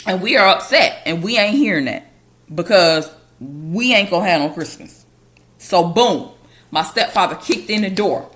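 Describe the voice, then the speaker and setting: A woman's voice: fairly low pitch, lively intonation, moderate pace, a bit bright. A woman hosting a podcast, telling a personal story in a casual, conversational way. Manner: casual and conversational, with loose colloquial grammar.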